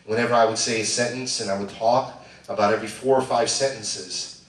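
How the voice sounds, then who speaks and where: A middle-aged male pastor preaching a sermon, swinging between loud animated bursts and hushed asides. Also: fairly low pitch, a little fast. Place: church sanctuary. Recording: echoey church sound from a distant mic.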